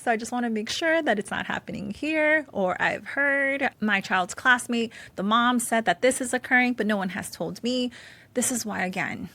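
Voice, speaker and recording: A woman in her thirties talks straight to listeners on her solo podcast. She is earnest and openly emotional. Her voice sits at a middle pitch with a noticeable gravelly fry. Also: a bit bright. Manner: earnest and emotional, speaks directly to parents. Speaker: podcast host. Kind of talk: personal solo podcast talk.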